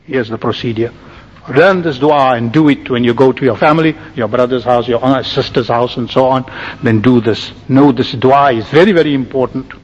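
A man's voice: medium pitch, normal speed. A man giving a religious lecture, instructing his listeners step by step and checking in with "all right?" as he goes. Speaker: Islamic preacher. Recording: dull lo-fi recording with long hall reverb.

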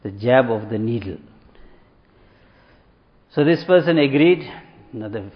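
A man's voice: medium pitch, lively intonation, measured pace. A man giving a sermon, telling a parable and acting out the voices of the people in it. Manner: storytelling, acts out quoted voices. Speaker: religious speaker. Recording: echoey hall, dull lo-fi sound.

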